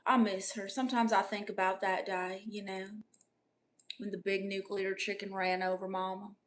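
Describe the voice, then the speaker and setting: A woman's voice: mid-range voice, little pitch movement, a little slow. A woman doing a comedic livestream in character, brash and playfully boastful as she reads out chat messages.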